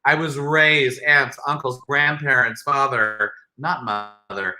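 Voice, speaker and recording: A man co-hosting a podcast, chatting casually with animated, sarcastic asides and frequent laughs. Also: mid-range voice, slow. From United States. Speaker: podcast co-host. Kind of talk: casual chat.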